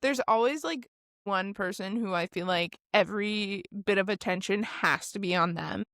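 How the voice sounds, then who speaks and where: A young woman co-hosting a podcast in casual chat, laid-back and quick to laugh. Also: mid-range voice, a bit bright, no room sound, studio quality. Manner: laid-back, reacts with laughs and short exclamations. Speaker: podcast co-host.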